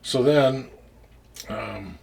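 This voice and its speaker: A man's voice: medium pitch, extremely slow, vocal fry, darkish tone, breathy edge. A man telling a story in casual talk, rambling with restarts and frequent swearing. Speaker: interview guest.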